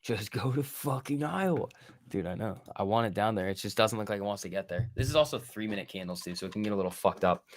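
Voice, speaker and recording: A man's voice: lowish voice, very fast, hardly any pauses. Profane joking day-trading streamer, a man. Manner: profane, joking banter with chat. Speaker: day trading livestream host. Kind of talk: casual live trading commentary.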